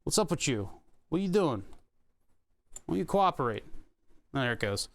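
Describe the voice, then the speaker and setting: A man's voice: on the high side, sing-song, moderate pace. A man live-streaming as he assembles a racing wheel setup. He chats casually, jokes about himself and swears when he hurts his hand. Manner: joking, self-deprecating, swears when hurt. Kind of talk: casual live-stream chat while building hardware.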